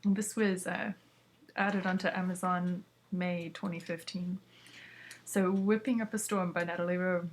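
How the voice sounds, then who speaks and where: A woman's voice: on the low side, flat delivery, a little slow, slight background noise. A woman casually reading a book aloud, with asides and self-corrections. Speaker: reader.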